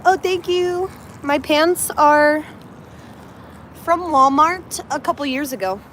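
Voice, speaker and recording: A woman's voice: high voice, slow, fairly bright tone, slight background noise. A young woman chatting casually on a livestream from a hotel room, thanking viewers and scolding her puppy.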